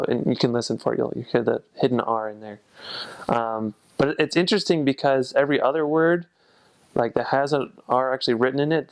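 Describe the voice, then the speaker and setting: A young man, a returned missionary, chatting casually and pausing often to search for words. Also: medium pitch, gravelly. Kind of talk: casual talk to camera.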